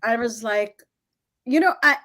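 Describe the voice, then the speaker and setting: Middle-aged woman, Indian English accent, fairly high voice, animated storytelling, frequent laughs. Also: a little slow. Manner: animated, laughs often, many fillers. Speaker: guest, fashion designer. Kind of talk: conversational interview storytelling.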